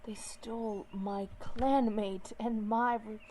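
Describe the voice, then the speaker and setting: A woman's voice: fairly high pitch, steady tone, slow, mellow, a little hiss or hum. A woman voicing a grieving male clan-leader cat in a fan-made story, with a tense, anguished delivery. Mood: distraught. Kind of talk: storybook character voice.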